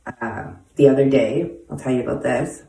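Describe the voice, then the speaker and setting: A woman's voice: extremely low pitch, moderate pace, mellow. A woman in her forties speaks bluntly, swearing constantly and using street slang as she tells stories from her own life. She sits some way back from the microphone, so her voice sounds distant. The room around her is echoey. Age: 40s. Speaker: host answering viewer questions. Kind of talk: casual storytelling monologue. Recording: echoey room, voice far from mic.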